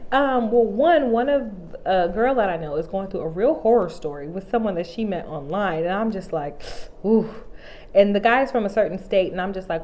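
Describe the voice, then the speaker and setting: A woman's voice: medium pitch, a little hiss or hum. A woman hosting her own vlog, chatting casually and animatedly to her viewers. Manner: chatty and animated, full of "like" and "honey". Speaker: vlog host. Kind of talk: casual chat to camera.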